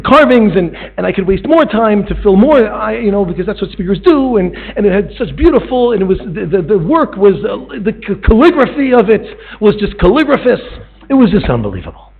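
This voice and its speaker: Man, high husky voice, animated sermon storytelling, tinny lo-fi sound, mains hum. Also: fairly quick. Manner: animated, acts out voices in a parable, rises to pleading. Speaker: speaker giving a Torah talk.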